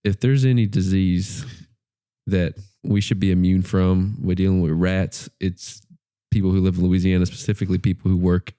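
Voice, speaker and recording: Low, very dark-voiced joking man. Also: little pitch movement, moderate pace, clean tone, dry recording, studio quality. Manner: short wisecracks, joking interjections. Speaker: podcast co-host. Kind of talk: casual chat.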